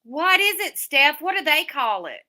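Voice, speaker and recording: A woman's voice: sits high, moderate pace. A middle-aged woman, hosting a livestream, chatting casually with viewers and telling stories. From Southern United States. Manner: chatty storyteller, animated, many restarts. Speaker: livestream host. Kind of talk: casual chat reading viewer comments.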